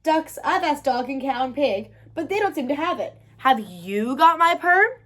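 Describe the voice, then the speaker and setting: A woman's voice: expressive, moderate pace, fairly bright tone. A woman voicing a sad, determined little female kitten for a storybook reading. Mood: weary pleading. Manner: high, plaintive asking.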